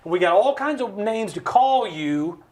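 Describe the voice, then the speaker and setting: A man's voice: high voice, lively intonation, normal speed, darkish tone. A man, hosting a studio talk show and making his points emphatically with voiced quotes, like a preacher. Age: 50s. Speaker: host. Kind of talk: conversational podcast talk, preaching-style. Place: recording studio.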